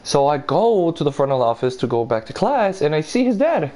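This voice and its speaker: A man's voice: big pitch swings, brisk, darkish tone. Rambling young man telling a story. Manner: rambling, swears, acts out quotes in higher voice. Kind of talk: casual storytime.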